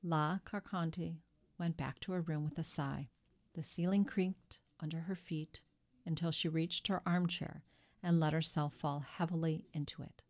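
Woman narrating an audiobook, low voice. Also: steady tone, unhurried, darkish tone.

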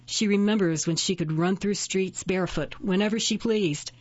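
A woman narrating a fantasy story in a steady, measured reading. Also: mid-range voice, lo-fi sound. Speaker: audiobook narrator. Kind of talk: scripted narration.

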